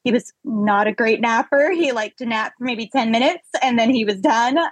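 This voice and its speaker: A young woman, a podcast guest, candidly telling a personal story in an animated way. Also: fairly high pitch, moderate pace, husky, dry recording, low-quality recording.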